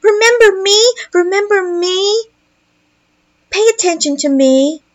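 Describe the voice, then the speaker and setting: A woman's voice: extremely high pitch, expressive, takes it slowly, voice pushed up, heavily acted. A woman putting on the voice of a spoiled little boy who begs for attention in a pleading, childish way. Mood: whiny.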